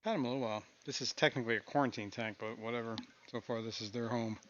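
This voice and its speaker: A man hosting a casual live stream from his fish room, talking in a relaxed, rambling way with frequent chuckles. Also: mid-range voice, fast, muffled recording, slight background noise. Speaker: aquarium stream host.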